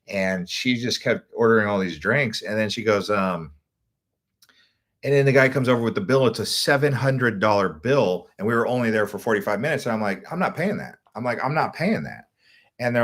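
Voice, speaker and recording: A man's voice: lowish voice, fairly bright tone. A man, a travel vlogger, casually telling a rambling story with lots of filler words and restarts. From United States. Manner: rambling, loose delivery, many "like" fillers and restarts.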